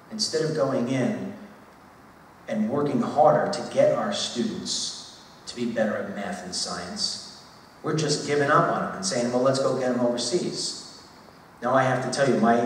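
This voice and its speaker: Man, 40s, lecture-hall speaker, low and conversational with emphatic repeats, roomy distant sound. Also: a little hiss or hum. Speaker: speaker at a university talk. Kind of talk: public speech. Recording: echoey hall, voice from far off.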